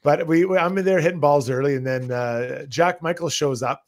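A man's voice: a little high, moderate pace. A man co-hosting a sports show, telling stories in casual chat, laughing often and tripping over his words. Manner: animated storyteller, laughing often. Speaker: co-host.

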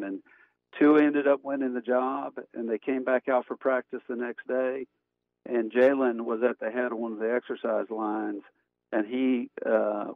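A male pastor, a guest, telling stories in relaxed, plainspoken casual chat. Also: medium pitch, no room sound. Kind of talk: casual chat over a phone line. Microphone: phone. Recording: tinny phone line.

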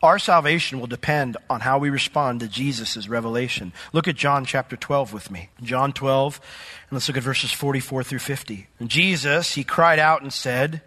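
Male pastor, sermon, conversational, asks the congregation questions, bright tense voice, long church reverb. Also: medium pitch, normal speed. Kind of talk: sermon with Bible reading.

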